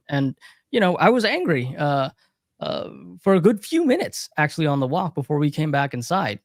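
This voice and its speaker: A man's voice: a little high, sing-song, normal speed, dry recording, clean studio sound. A young man co-hosting a livestream Q&A as a recovery coach, talking earnestly and reflectively with emphatic repetition. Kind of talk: casual livestream Q&A talk.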